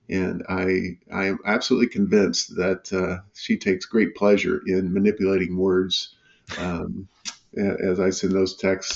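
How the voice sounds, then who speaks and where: A man's voice: low voice, creaky, a little mellow, highs cut off. A middle-aged man, a company executive guest, telling a wry story in casual interview chat.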